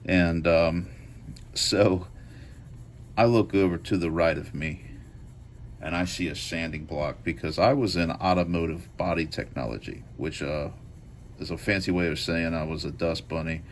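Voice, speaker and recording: Man with a very low voice, casual and profane knife-channel storyteller who rambles. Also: fairly even intonation, moderate pace, a little hiss or hum. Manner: loose, profane, rambling with frequent fillers.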